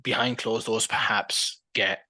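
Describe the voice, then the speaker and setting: A man co-hosting a podcast, talking football in a casual, animated and opinionated way, with plenty of fillers and restarts. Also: fairly low pitch, measured pace. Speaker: podcast co-host.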